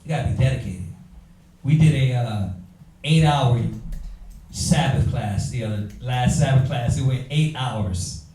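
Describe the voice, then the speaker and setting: A man, teaching a Bible class in an animated preaching style, talking straight to the room. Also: mid-range voice, measured pace, distant mic. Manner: animated, talks to the room, acts out quoted voices. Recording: echoey room from afar.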